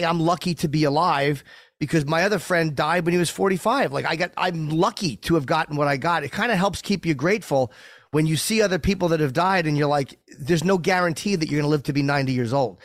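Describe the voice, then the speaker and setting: A man in his fifties hosting a casual sports chat, asking questions and thinking out loud. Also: on the high side, fast, no room sound, studio quality. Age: 50s. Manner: questioning, conversational. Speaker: podcast host.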